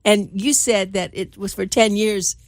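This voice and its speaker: A woman at a middle pitch hosting a casual interview. She chats freely, with restarts and fillers as she tells her own story. The sound is dry and close. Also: steady tone, unhurried, no echo. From Miami Beach, Florida. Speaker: host.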